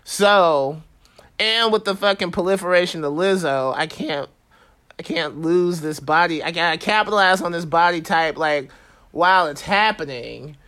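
A man chatting casually on a podcast, camp and animated, swearing often. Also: fairly high pitch, moderate pace, smooth. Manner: profane, campy and animated. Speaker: guest. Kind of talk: casual chat. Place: Bay Area.

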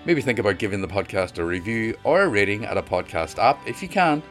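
A male podcast host wraps up the episode in a brisk, friendly manner. His voice sits low but moves with animated pitch. Soft music plays underneath. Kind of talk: podcast outro. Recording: faint music behind.

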